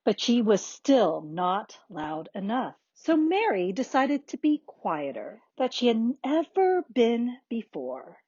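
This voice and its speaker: A woman slowly reading a children's picture book aloud in a soft, expressive manner. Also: a little high, breathy edge, no room sound, muffled recording. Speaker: narrator. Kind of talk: slow storybook read-aloud.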